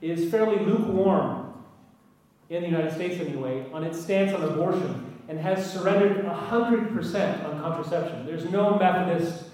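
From a distance in an echoey hall, a man's high, slightly mellow voice carries at an ordinary pace as he addresses an audience. The talk is earnest and anecdotal, with emphatic lists and wry asides, and each phrase rings with heavy echo.

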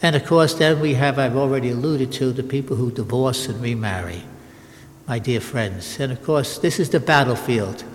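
A man's voice: mid-range voice, moderate pace, big-room sound. An older man, a Catholic priest, giving an emphatic sermon with repeated phrases and frequent restarts.

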